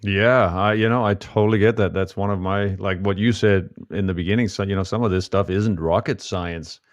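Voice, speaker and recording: An easygoing man hosts a casual interview, talking in a conversational way about coaching couples. His voice is very low, and the sound is dry and close, with no room echo. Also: steady tone, fairly quick. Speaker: podcast host, couples coach.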